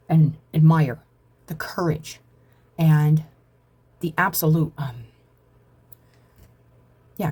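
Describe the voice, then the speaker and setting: A woman's voice: sits low, mellow, breathy edge. A woman giving a casual, meandering spiritual reading, reflective and full of fillers. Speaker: spiritual reader.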